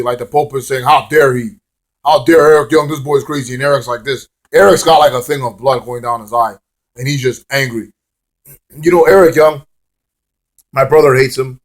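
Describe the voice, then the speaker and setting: A man giving a casual, rambling, sarcastic vlog review of a wrestling show, swearing freely. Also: medium pitch.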